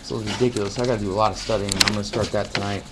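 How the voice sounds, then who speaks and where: A man's voice: lowish voice, fairly even intonation, rapid-fire, heavy background noise. A young man vlogging in a casual chat, telling rambling, upbeat stories full of fillers.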